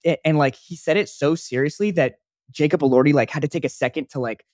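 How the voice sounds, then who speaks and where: A young man co-hosting a podcast, telling stories in a rambling, animated way with lots of fillers. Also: fairly high pitch, fast, no echo, clean studio sound. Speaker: podcast co-host. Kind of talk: casual chat.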